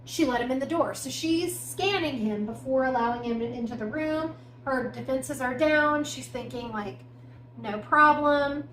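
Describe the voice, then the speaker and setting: A woman's voice: high-pitched, moderate pace. Woman telling a true-crime story, echoey room. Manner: conversational, recounting events with emphatic asides and fillers. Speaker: podcast co-host. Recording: echoey room with faint background noise.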